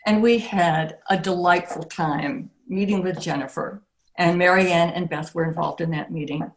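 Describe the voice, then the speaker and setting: A woman's voice: fairly low pitch, fairly even intonation. Older woman giving a reflective acceptance speech. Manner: warm, reflective, with frequent pauses and restarts. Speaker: award recipient. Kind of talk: acceptance speech on a video call.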